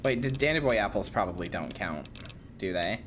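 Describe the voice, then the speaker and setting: A young woman streamer giving joking, animated gameplay commentary and bantering with her chat. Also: very deep voice, fairly quick, noisy background.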